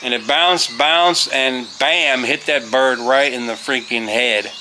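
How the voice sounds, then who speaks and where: A man's voice: mid-range voice, slow pace, sharp tone, a little hiss or hum. A middle-aged man, a former teacher, telling a rambling, folksy story outdoors on a farm, full of fillers and restarts. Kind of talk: casual storytelling.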